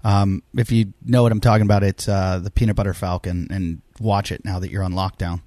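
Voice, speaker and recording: A man's voice: low-pitched, brisk, no echo. A middle-aged man hosting a casual podcast chat, telling stories with plenty of swearing. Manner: animated storytelling, swears freely. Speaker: podcast host.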